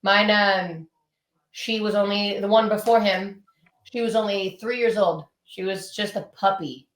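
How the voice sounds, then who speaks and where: A woman's voice: mid-range voice, fairly even intonation, unhurried. A woman in her thirties, a punk band musician, telling stories animatedly in a casual interview chat from her home, swearing freely. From Southern California. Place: home, indoors with dogs. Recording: echoey room.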